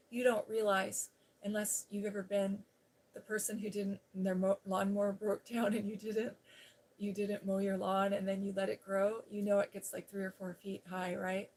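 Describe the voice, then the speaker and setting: A middle-aged woman hosting a live stream, telling a personal story in a chatty, animated way. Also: mid-range voice.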